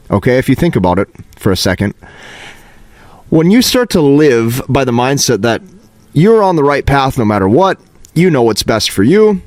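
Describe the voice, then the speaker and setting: A man's voice: mid-range voice, dry recording. Emphatic man lecturing on dating. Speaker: dating advice speaker. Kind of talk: motivational monologue.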